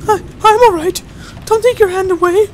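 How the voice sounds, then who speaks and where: A woman's voice: very high-pitched, normal speed, a little mellow, a little hiss or hum. A woman voicing a feverish grown woman who pleads breathlessly for someone to keep holding her hand, in an amateur fan dub. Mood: pleading.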